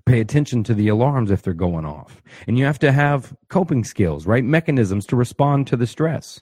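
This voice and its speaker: A man speaks to his viewers in a conversational self-help talk. His voice is dark, with a husky edge, and the recording is close and dry. He keeps checking in with "right?" and jumps his pitch up or down to play people's inner voices. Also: lively intonation, moderate pace, hardly any pauses, no echo. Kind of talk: motivational talk to camera.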